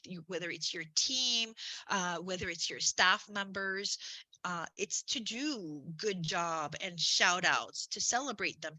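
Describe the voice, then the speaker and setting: A woman coaching realtors in an upbeat, chatty way, full of little asides and self-corrections. Her voice is bright and forceful, and it sounds dry and close with no room echo. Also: lowish voice. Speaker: business coach. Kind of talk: conversational marketing presentation.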